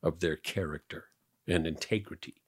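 A man's voice: a bass voice, fairly even intonation, moderate pace. A middle-aged man, an actor guesting on a podcast, chatting in a playful, teasing way and laughing easily. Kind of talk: casual chat.

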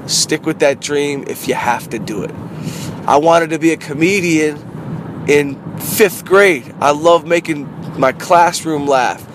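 A middle-aged man, a comedian, talking casually in a car in a rambling, animated way that repeats phrases. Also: a little high, a little slow. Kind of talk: casual car vlog monologue. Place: inside a parked car. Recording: noisy street ambience.

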